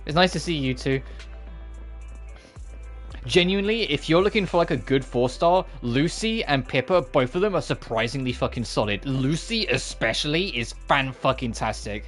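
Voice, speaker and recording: A man streaming a game with casual commentary, swearing freely and reacting in quick asides. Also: mid-range voice, expressive, faint music behind.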